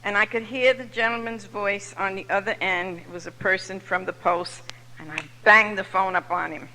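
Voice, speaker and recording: A woman, telling her own story at a recovery meeting with lively comic timing. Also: medium pitch, moderate pace, a little hiss or hum. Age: 70s. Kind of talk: personal testimony to a live audience. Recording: echoey hall from far off.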